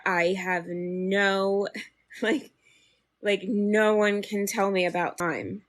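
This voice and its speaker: A woman leads a live healing session at a very unhurried pace. Her voice is soft and soothing as she guides breaths, then turns chatty and rambling, full of "like" and trailing thoughts. Her pitch sits in an ordinary middle range. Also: steady tone, no room sound. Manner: slow, soft and soothing when guiding, chatty with fillers and laughs otherwise. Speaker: livestream spiritual healer. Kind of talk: guided meditation and casual live chat.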